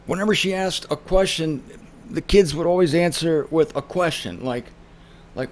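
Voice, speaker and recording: A man's voice: fairly high pitch, normal speed. Emphatic man telling a story. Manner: emphatic storytelling with acted quotes. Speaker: show host. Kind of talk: casual monologue.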